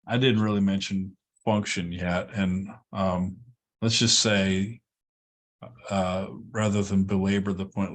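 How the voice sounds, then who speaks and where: A man lecturing a college class, relaxed and explanatory, with frequent ums and checks like "all right?". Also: sits low. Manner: relaxed, repeats words, many ums and okays. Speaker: college instructor.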